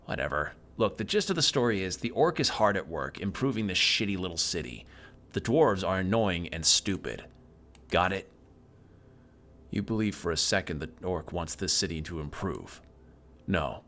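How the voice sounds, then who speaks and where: A man streaming a game, reading its text aloud evenly, with sudden loud outbursts. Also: sits low, lively intonation, normal speed.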